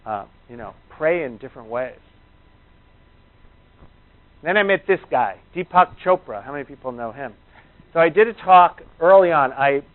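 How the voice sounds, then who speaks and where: Man telling stories over a tinny line. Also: mid-range voice. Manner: rambling, conversational storytelling. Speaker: chiropractor giving a workshop talk. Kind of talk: anecdotal talk to a live audience. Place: talk before a live audience. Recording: tinny, phone-like narrow sound.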